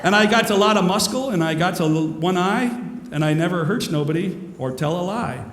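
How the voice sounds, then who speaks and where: A man voicing a gruff, one-eyed, muscular cartoon sailor with slangy, ungrammatical talk, recorded in an echoey hall. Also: high voice, lively intonation, fairly quick, pitched above the performer's own voice. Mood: boastful. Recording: echoey hall with faint noise.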